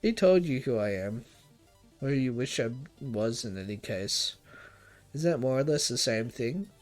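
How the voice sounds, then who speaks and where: A man voicing an eerily calm possessive woman. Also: medium pitch, unhurried, soft background music, lightly acted. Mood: calmly chilling. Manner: soft, flat, coaxing.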